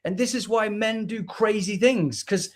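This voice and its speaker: British man, earnest, reflective, a bit higher-pitched, video call guest. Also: measured pace. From United Kingdom. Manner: earnest and reflective, restarts words, acts out quoted voices. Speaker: guest, spoken word artist. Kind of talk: candid conversation on a livestream.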